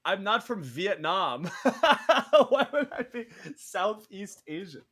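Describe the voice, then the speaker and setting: A man from the Middle East co-hosting a casual chat, excitable, swearing and quick to argue. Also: sits high. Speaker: podcast co-host.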